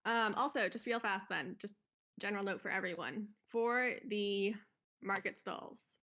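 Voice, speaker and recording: A woman with a medium-pitched voice talks through her request as a player in a tabletop game, rambling and hedging as she goes. She pauses often and circles back to her point. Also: sharp tone. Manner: rambling, hesitant, lots of likes.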